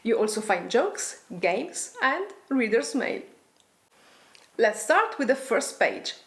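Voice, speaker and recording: A woman's voice: on the high side, sing-song, slow pace, a bit bright. A woman teaching a language lesson, reading example phrases aloud and then translating and explaining them. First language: Italian.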